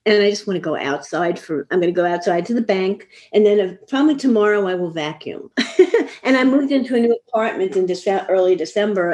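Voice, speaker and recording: A woman's voice: lowish voice, darkish tone. An older woman, a fiction editor, chatting as a guest and laughing often, trailing off and restarting her sentences. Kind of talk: casual interview chat. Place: apartment.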